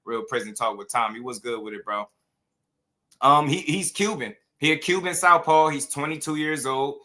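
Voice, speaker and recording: A man's voice: medium pitch, moderate pace, pushed and bright. A man hosting a boxing show in casual, playful commentary full of slang and jokes. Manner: playful, jokey, heavy slang.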